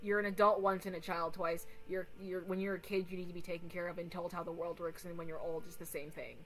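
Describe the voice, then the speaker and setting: A woman streamer chatting casually on a livestream, rambling and animated, swearing and giggling now and then. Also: on the low side, fast, faint music behind, poor audio.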